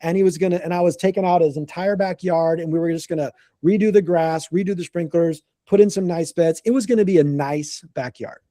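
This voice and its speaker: A man tells a casual work story with lots of energy, acting out each quote and tripping over his restarts. His voice sits a bit high but sounds mellow and relaxed. The recording is dry and close. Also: a little fast, no echo. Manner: animated, acts out quotes, frequent restarts. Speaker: contractor telling a story.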